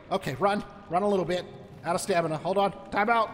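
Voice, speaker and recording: High-voiced man narrating his gameplay. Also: animated, brisk, long reverb tail, noisy background. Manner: chatty, jokey, talks to enemies. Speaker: gameplay commentator. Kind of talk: let's play commentary.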